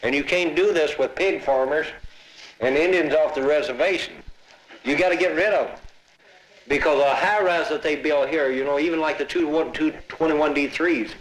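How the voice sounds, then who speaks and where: A man's voice: fairly high pitch, moderate pace, echoey room, low-quality recording. A man explaining matter-of-factly in a documentary interview. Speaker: local resident interviewed.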